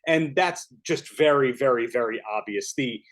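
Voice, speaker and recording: A male podcast host interviews his guest over a video call. His voice sits at an ordinary middle pitch. He asks friendly questions and pays compliments along the way. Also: normal speed.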